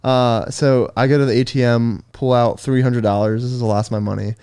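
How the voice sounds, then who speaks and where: A young podcast co-host laughs sheepishly through an awkward story, peppering his casual chat with "dude." His medium-pitched voice is smooth and a little mellow, fairly even in intonation and slightly quick, recorded clean in a studio with no room sound.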